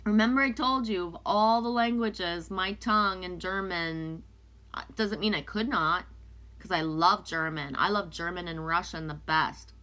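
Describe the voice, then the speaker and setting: Brief: casual card-reading streamer, woman, native French speaker, slightly low voice, loose and chatty. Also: a little slow, sharp tone. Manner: chatty, loose, talks back to viewers' comments. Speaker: oracle card reader.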